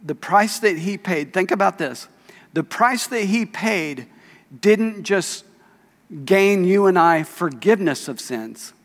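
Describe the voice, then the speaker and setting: A man's voice: high-pitched, animated, takes it slowly, a bit bright. A male pastor preaching a sermon, reading scripture aloud in a conversational way and asking the congregation questions. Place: church sanctuary. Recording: long reverb of a church hall.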